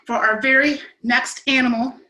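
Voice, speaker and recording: A woman leading a children's online camp class, speaking in an animated, encouraging way and narrating imagined trips for the kids. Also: sits high, normal speed, poor audio. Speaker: camp instructor.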